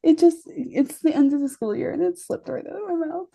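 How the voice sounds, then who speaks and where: A woman's voice: high-pitched, fairly quick, vocal fry, mellow, no echo. A young woman co-hosting a podcast, chatting casually and laughing often. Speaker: podcast co-host; preschool teacher. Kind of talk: casual chat.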